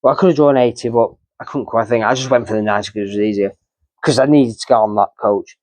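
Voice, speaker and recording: A man's voice: fairly low pitch, fast talker, dry recording. A man in his thirties, a travel vlogger, telling a story casually and with indignation, repeating himself as he goes. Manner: animated, indignant retelling with repeated phrases.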